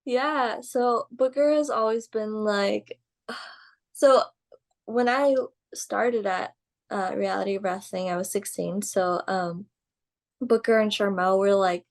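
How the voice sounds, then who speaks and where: Young woman guest, animated storyteller, filler-heavy casual talk, mid-range voice. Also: mid-range voice, takes it slowly. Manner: animated, full of "like" and "um", laughs through stories. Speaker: guest, pro wrestler.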